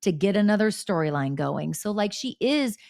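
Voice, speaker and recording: A woman podcast host speaks at a moderate pace in a medium-pitched voice with vocal fry, recorded dry with studio quality. In casual chat she tells candid gossip stories animatedly, swearing bluntly.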